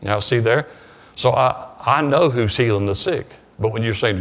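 With a mid-range, slightly bright voice, a Southern-accented pastor preaches in a church sanctuary. His sermon story is halting, marked by restarts, repeated words, and retold dialogue.

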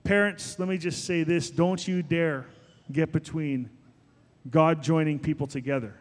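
A man in his forties preaching a sermon as pastor, animated and emphatic, rising to higher peaks. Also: unhurried. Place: church sanctuary. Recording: long hall reverb.

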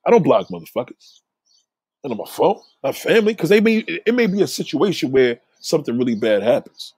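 A man telling street stories in a casual monologue, animated, acting out the voices of the people he describes. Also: mid-range voice, fairly quick, husky, dry recording.

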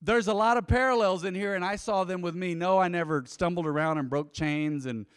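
A man's voice: sits high, brisk, clean tone, no room sound, studio quality. A man preaching a sermon to his congregation in a conversational, playful way with asides. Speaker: pastor. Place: church before a congregation.

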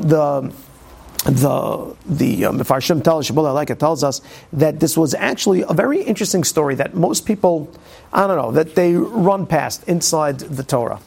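A man giving an informal Torah class, animated and full of restarts and asides. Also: fairly high pitch, vocal fry. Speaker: Torah teacher.

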